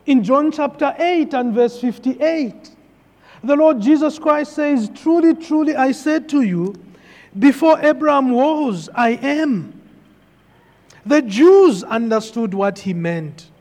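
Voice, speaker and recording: A man's voice: very high voice, expressive, slow pace, darkish tone. A man preaching a sermon, emphatic and repeating key phrases for weight. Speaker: pastor. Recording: long hall reverb.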